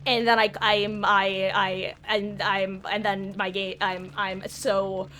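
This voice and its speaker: A woman's voice: mid-range voice, level tone, slow, bright, forceful tone, a little hiss or hum. A woman streaming a game live, chatting with viewers in a rambling way, often stammering and restarting when frustrated. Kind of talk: live gaming stream chat.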